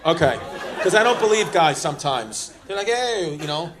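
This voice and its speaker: A man doing stand-up, brashly teasing audience members in rapid-fire crowd work. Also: a little high, very animated, noisy background. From Queens, New York. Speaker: stand-up comedian. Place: comedy club stage. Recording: comedy club with loud laughing crowd.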